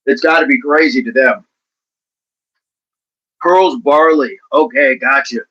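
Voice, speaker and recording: A man's voice: mid-range voice, takes it slowly, a bit bright, breathy edge, muffled recording. A man hosting a casual livestream, talking to viewers by name and encouraging them. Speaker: livestream host reading chat.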